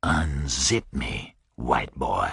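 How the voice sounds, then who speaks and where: A man voicing a huge, menacing male prison gang bully in an audiobook, talking in a low, quiet, taunting drawl. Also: very slow, breathy edge, no echo, studio quality, full character voice. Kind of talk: audiobook character voice.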